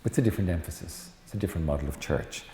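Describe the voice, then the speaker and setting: A man's voice: deep voice, racing, mellow. A middle-aged Irish man, a Jesuit priest, giving a chatty lecture full of anecdotes and teasing asides to the audience. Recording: echoey hall with faint noise.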